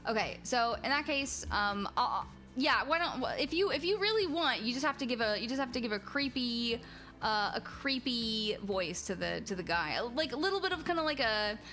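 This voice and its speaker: A woman hosting a stream, chatting casually in an animated way with many restarts. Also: on the high side, moderate pace, faint music behind. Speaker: streamer host. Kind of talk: casual reaction chat.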